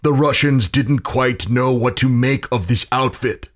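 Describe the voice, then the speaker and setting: A man's voice: medium pitch, a little slow, natural voice. A man voicing a big, commanding male warrior leader who gives firm, urgent orders.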